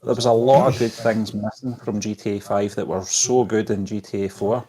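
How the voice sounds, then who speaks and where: Hesitant low-voiced podcast co-host man. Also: steady tone, normal speed, warm tone, slight background noise. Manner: hesitant, restarts often. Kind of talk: casual podcast chat.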